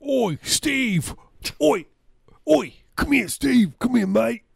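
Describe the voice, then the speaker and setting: A man voicing a brash, pushy bishop in an exaggerated mock British accent, barking orders in a husky voice. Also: extremely high pitch, expressive, slow pace, no echo, studio quality, pitched above the performer's own voice, full character voice. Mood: shouting. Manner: shouting, bossy, cartoonish.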